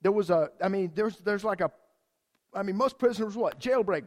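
A man with a high voice preaches to his congregation in a church. He talks in a lively, conversational way and keeps throwing rhetorical questions at the listeners. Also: fairly quick. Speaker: pastor. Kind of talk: sermon.

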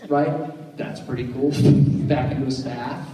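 A man's voice: mid-range voice, steady tone, unhurried, mellow. A man preaching a sermon as pastor, conversational and joking, often checking in with "right?". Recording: echoey hall, voice from far off.

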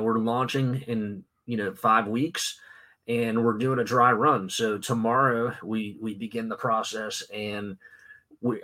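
A man's voice: fairly low pitch, a bit bright. A man talking casually to camera about his son, rambling with many fillers and restarts. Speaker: father and vlogger. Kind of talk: casual talking-head vlog.

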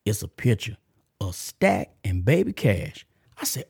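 A man with a low voice talks like a preacher, his energy swinging from hushed and earnest to loud, laughing shout-outs. The sound is dry and close, with no room around it. He reads a testimony aloud in a steady sermon cadence. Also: normal speed, breathy edge, no echo. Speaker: podcast host. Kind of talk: casual preaching and reading a letter.

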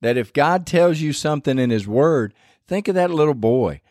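A man's voice: on the high side, lively intonation, moderate pace, darkish tone, no echo, studio quality. A man hosting a devotional podcast, talking in a rambling, conversational way with many restarts. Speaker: podcast host.

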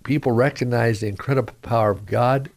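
A man's voice: medium pitch, brisk, vocal fry, darkish tone, no echo. A middle-aged man hosting a radio devotional, speaking earnestly, praying and reading scripture with rising emphasis. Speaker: radio pastor and host.

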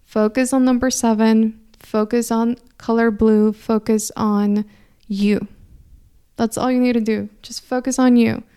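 A young adult woman, a coach hosting a weekly inspirational talk, speaking in a gentle, encouraging, reflective way. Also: on the high side, gravelly, clean tone. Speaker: spiritual coach host.

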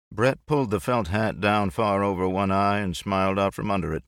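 Deep-voiced male audiobook narrator; measured, expressive, very dry close read. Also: no room sound.

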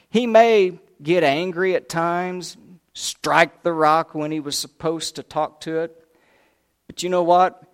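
A man preaching a sermon in a folksy, conversational storytelling way. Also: fairly high pitch.

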